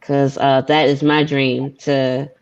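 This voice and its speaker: A woman's voice: rumbling low, level tone, slow, darkish tone, muffled recording, slight background noise. A woman from Baltimore, a guest poet, talking casually with lots of ums and restarts over a video call. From Baltimore, USA. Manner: hesitant, many fillers. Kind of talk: casual interview chat.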